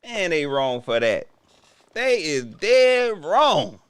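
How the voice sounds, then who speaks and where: Male sports vlogger, wildly swinging pitch, dry close sound, repetitive and joking. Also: big pitch swings, takes it slowly, clear, resonant tone, no echo. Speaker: sports commentator. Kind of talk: casual sports rant.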